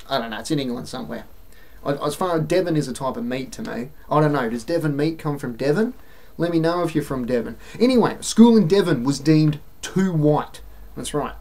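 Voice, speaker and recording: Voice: medium pitch, a little mellow. An Australian-accented vlogger delivering an exasperated, sarcastic opinion rant to camera, with mocking asides.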